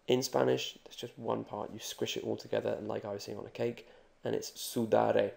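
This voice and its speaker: Gravelly, dark-voiced male Spanish tutor. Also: on the low side, flat delivery. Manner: jokey, reassuring, repeats examples slowly. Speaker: Spanish teacher. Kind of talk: explaining grammar on a video lesson.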